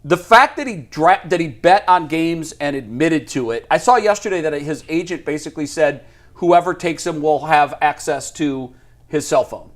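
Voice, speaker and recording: A man's voice: a little high, lively intonation, moderate pace. A man co-hosting a casual sports talk show, giving firm opinions and laughing at his own points. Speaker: sports radio co-host.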